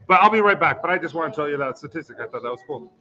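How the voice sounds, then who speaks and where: A man's voice: fairly high pitch, lively intonation, very fast, bright, forceful tone. A man announcing contest winners at a live event, in an upbeat, teasing way. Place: busy barbershop event. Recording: roomy, distant, muffled phone audio with crowd chatter.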